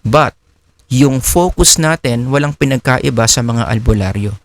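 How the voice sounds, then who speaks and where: A man's voice: mid-range voice, moderate pace, no room sound. A man with a Filipino accent giving a psychology lecture, explaining step by step and asking his class rhetorical questions. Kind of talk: recorded lecture.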